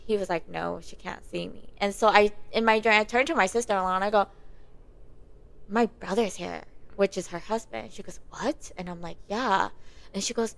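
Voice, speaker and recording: A woman's voice: mid-range voice, moderate pace, gravelly, rough recording. A young woman telling a personal dream story in casual chat, rambling with many fillers. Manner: rambling, lots of "like" and "you know". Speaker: guest.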